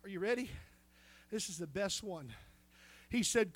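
Male Pentecostal preacher with a very high, bright voice who swings from shouting to a hush, close and dry. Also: lively intonation, normal speed, dry recording. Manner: swings from fervent shouting to hushed intimacy; exclaims hallelujah and amen. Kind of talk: Pentecostal sermon. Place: church.

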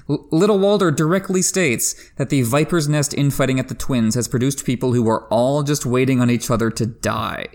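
A man hosting a book discussion podcast, giving enthusiastic literary analysis, pushing his pitch up sharply for emphasis and laughing now and then. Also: moderate pace, a little mellow. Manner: laughs while talking. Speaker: podcast host.

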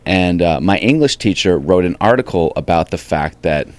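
A man's voice: low-pitched, animated, normal speed, hardly any pauses, dry recording. A young man from Northern Virginia, a comedian guest, telling easygoing, self-deprecating stories in a casual interview.

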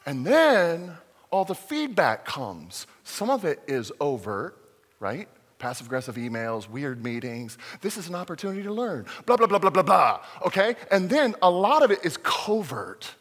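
Animated male pastor in a reverberant hall. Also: a little high, unhurried, breathy edge. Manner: animated, jokey preaching with acted-out quotes. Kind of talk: sermon.

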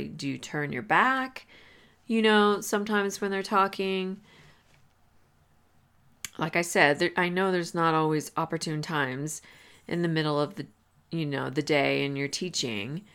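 Slow, gravelly-voiced woman host. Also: low voice. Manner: relaxed, conversational, many fillers and restarts. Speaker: podcast host. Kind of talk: casual advice talk.

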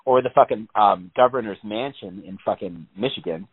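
A man's voice: fairly low pitch, moderate pace, breathy edge, no room sound. Man, casual chat, rambling, swearing, tinny narrow-band audio. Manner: rambling, swears a lot, laughs often.

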